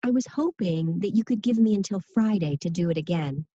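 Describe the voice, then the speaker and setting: A young female student asks her teacher for another chance in a textbook listening dialogue. Her voice is husky and mellow. The recording is dry and slightly dull. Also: on the low side, animated, a little fast, dry recording. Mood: pleading.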